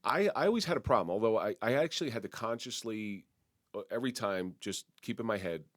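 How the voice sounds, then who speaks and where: A man's voice: lowish voice, expressive, quick pace, no echo, studio quality. A man hosting a podcast, chatting casually in a blunt, joking way. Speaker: podcast host. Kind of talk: casual chat.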